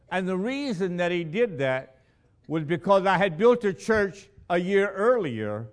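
A man preaching a sermon at an unhurried pace. His pitch rises and falls widely, from booming emphasis down to near-whispered lows. He sounds like a missionary telling stories from the pulpit. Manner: dramatic storytelling, swings between loud emphasis and hushed lows.

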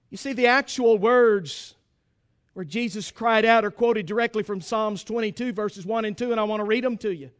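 A man preaching a sermon in an emphatic, pleading way, at times rising to a shout. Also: extremely high pitch.

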